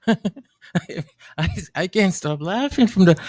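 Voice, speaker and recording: A male commentary host reacting sarcastically to news clips, mocking and drawn-out, often laughing. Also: high-pitched, lively intonation, darkish tone, no echo, studio quality.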